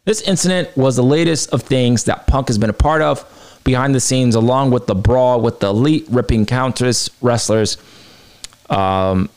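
Heated, profane man ranting on a podcast. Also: clear, resonant tone. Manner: profane, heated, swings between low and high pitch. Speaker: podcast host. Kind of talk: opinionated wrestling podcast rant.

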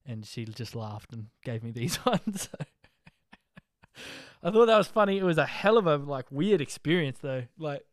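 A young Australian man casually telling an animated, slang-filled story about a flight, with jokey rhymes. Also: on the high side, moderate pace, no room sound, studio quality. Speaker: social media vlogger.

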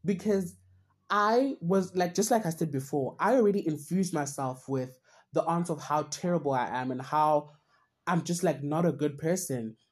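A woman's voice: low-pitched, moderate pace, breathy edge. A young woman hosting a podcast, talking earnestly and at length about her own struggles in a rambling, self-searching way. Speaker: podcast host. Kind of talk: personal reflective monologue.

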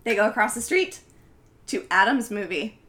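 A woman telling a movie's story in a casual chat. Her voice is bright and clear, and she speaks at an ordinary middle pitch. She acts out the lines of the characters with lots of "like" fillers. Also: moderate pace. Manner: animated storytelling with many fillers, acts out quotes. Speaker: podcast co-host recapping a film.

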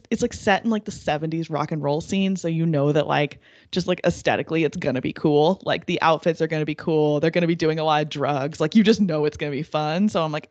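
A woman's voice: sits low, darkish tone, no room sound, muffled recording. A woman co-hosting a podcast in casual chat, giggling often and filling her speech with "like". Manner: giggly, lots of "like" fillers. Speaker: podcast co-host.

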